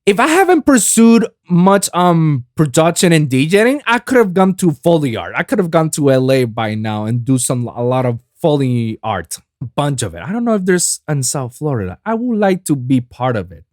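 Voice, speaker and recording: Podcast host dude just rambling casual, curses a lot, voice bounces all over, super dry room. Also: male voice, a little high, moderate pace, no room sound. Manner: animated, loose and profane, repeats "I kid you not". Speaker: podcast host and music producer. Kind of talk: casual solo podcast talk. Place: lives in South Florida.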